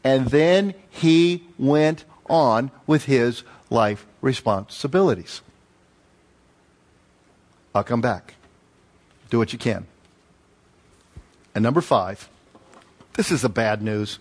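A man preaching a sermon as pastor, telling stories with lively emphasis and repeated phrases. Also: mid-range voice, takes it slowly. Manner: animated storytelling with emphatic repetition.

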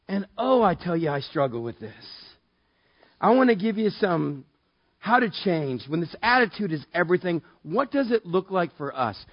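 A man preaching a sermon in a casual, joking way that builds to loud, emphatic passages. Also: high-pitched, sing-song, normal speed, husky, dry recording, dull audio. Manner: conversational, jokey, rising to loud emphatic preaching. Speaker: pastor.

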